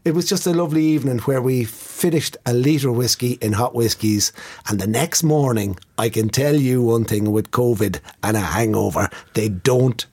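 A man's voice: mid-range voice, moderate pace, darkish tone, husky. An Irish man hosting a podcast in casual chat, telling stories animatedly and laughing often. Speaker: podcast host.

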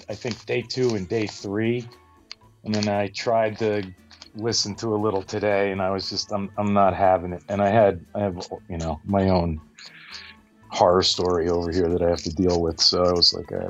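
Low-voiced man telling stories. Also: moderate pace, lo-fi sound, soft background music. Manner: storytelling, animated, drops into quoted voices. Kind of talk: casual chat.

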